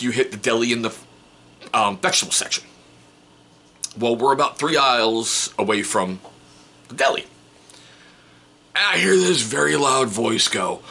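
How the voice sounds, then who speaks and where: A middle-aged man tells a long personal story straight to the camera. His voice is bright and somewhat husky. He rambles, backtracks and corrects himself as he goes. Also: medium pitch. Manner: rambling, self-correcting, chatty. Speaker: vlogger. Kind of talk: casual storytelling vlog.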